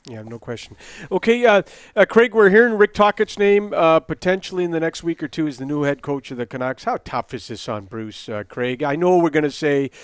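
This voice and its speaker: A man hosting a sports radio show, asking a guest direct, lively questions. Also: medium pitch, smooth, no room sound, clean studio sound. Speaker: radio host.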